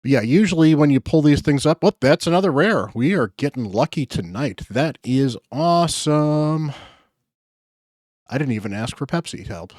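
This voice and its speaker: A man's voice: on the high side, animated, moderate pace, a little mellow, no echo, studio quality. A man hosting his gaming channel, chatting casually through his summon pulls in an upbeat way with frequent fillers. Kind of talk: casual gacha summon commentary.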